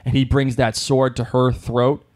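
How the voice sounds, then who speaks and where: A man co-hosting a podcast in casual chat, excitable and gushing. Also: mid-range voice, measured pace. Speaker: podcast co-host.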